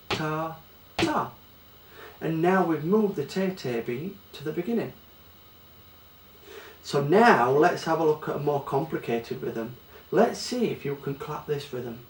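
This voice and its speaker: A man with a Yorkshire accent teaching a children's music lesson, patiently explaining pulse and rhythm step by step. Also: a little high. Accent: Yorkshire English. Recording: echoey room, distant mic, faint ambience.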